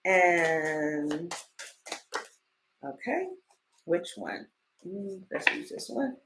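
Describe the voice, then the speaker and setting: A woman tarot reader in a casual livestream, telling stories in an animated, blunt way and swearing freely. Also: lowish voice, extremely slow, background noise.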